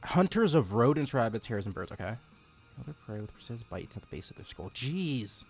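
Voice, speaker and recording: A streamer chatting on a livestream in an excitable, gushing, giggly way. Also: medium pitch, a little fast, slightly rough, soft background music. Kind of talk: livestream reaction chat.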